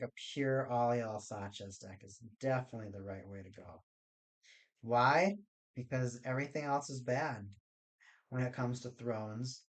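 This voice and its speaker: A man chatting casually on a live stream while building card game decks, rambling and joking with his chat. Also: mid-range voice.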